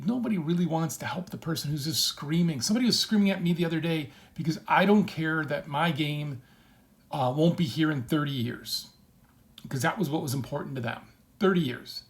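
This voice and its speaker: A man speaking casually as a game developer answering a viewer's question, animated and acting out quoted voices, often adding "right?". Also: on the high side, creaky. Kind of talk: casual solo talk.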